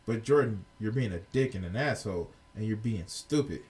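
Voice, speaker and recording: A man's voice: fairly low pitch, lively intonation, moderate pace, darkish tone, far from the mic. Profane ranting man reviewer. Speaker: video reviewer. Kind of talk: heated reaction commentary.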